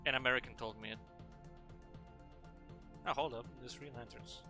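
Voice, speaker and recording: A man's voice: medium pitch, moderate pace, over music. A man streaming a game in casual, playful chat, rambling and swearing freely.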